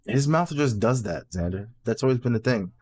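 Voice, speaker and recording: A man guest co-hosting a podcast, relaxed and opinionated in casual chat, swearing now and then. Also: medium pitch, brisk. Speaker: guest co-host.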